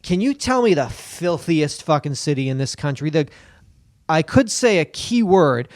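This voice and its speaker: Profane riffing podcast host, dry close sound. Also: male voice, fairly high pitch, sing-song, moderate pace, dry recording. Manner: riffing, profane, slips into goofy put-on voices. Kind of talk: casual comedic banter.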